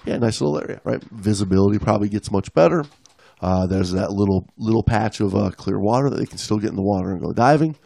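A man's voice: lowish voice, quick pace, vocal fry, warm tone, no echo. A man in his forties co-hosting a podcast, reading an article aloud and dropping in wry casual asides. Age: 40s. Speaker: podcast co-host.

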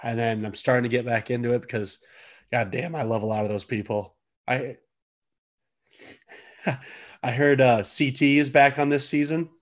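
A man's voice: mid-range voice, steady tone, normal speed, pauses often. A man co-hosting a podcast, joking and swearing freely in casual chat. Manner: joking, swears often, laughs a lot. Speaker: podcast co-host.

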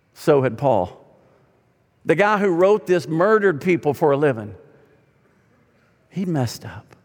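Male pastor preaching in a reverberant hall. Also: fairly high pitch. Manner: dynamic preaching, swinging from loud to hushed. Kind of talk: sermon. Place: church sanctuary.

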